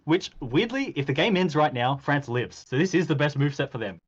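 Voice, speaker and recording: A man in a casual chat, recounting a game in an animated way, acting out quoted exchanges with plenty of ums. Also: on the high side, fairly quick, hardly any pauses, muffled recording. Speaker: podcast host reviewing a game.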